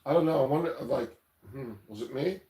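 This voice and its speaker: A man with a medium-pitched, warm voice talks fairly quickly as he hosts a casual livestream. He rambles loosely, reads chat aloud and swears casually, recorded on a tablet mic in an echoey room.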